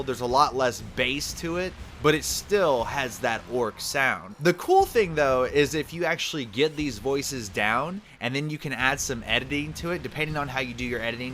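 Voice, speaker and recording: A man giving a casual, energetic tutorial on doing character voices. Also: medium pitch, slight background noise. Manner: energetic, chatty. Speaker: voice actor teaching a tutorial.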